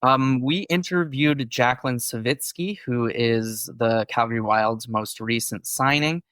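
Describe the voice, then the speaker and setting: A man's voice: medium pitch, measured pace, a bit bright, clean tone, no room sound. A man co-hosting a casual sports podcast, explaining topics in an informative way with a few fillers. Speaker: podcast co-host.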